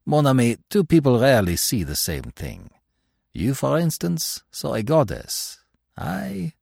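A man voicing a precise older Belgian detective who talks in a measured, grave way with French phrases. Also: mid-range voice, very animated, a little mellow, dry recording, studio quality.

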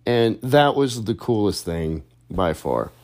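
A man's voice: fairly low pitch, very animated, takes it slowly, a little mellow. A young adult man and content creator, talking in a casual, chatty monologue full of restarts and fillers.

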